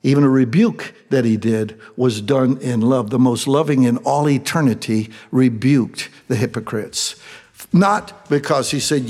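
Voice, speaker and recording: A male pastor giving a sermon, swinging between loud urgent preaching and hushed, tender speech. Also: medium pitch, unhurried, slightly rough, long reverb tail, soft background music.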